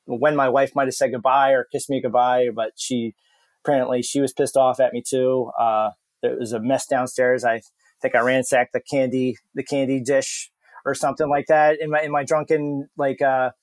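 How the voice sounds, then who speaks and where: A man's voice: mid-range voice, level tone, moderate pace, dry recording. Podcast guest, a man with a mid-range voice, loose and profane storytelling, dry booth sound. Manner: rambling and profane, with many fillers and laughs. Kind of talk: casual storytelling.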